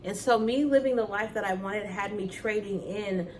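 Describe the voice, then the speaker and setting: A woman's voice: mid-range voice, moderate pace, distant mic, slight background noise. A woman talking earnestly and emotionally to her viewers about faith in a personal vlog at home. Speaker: vlogger. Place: at home indoors.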